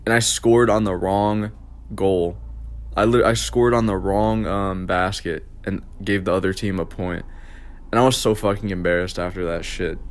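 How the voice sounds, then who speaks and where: A young man casually telling stories from his childhood as a podcast host, rambling and swearing, with many fillers and restarts. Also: fairly low pitch. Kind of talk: casual storytelling.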